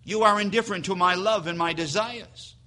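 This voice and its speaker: A man's voice: high-pitched, brisk, bright, forceful tone. A man voicing a heartbroken, tearful middle-aged wife pleading with her husband.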